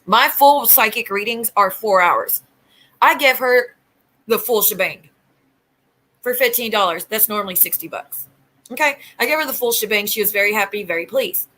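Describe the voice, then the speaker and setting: Bright-voiced woman ranting on stream. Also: medium pitch, moderate pace, rough recording. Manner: aggrieved, rambling storytelling with quoted exchanges. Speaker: YouTube livestream host. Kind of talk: casual ranting livestream talk.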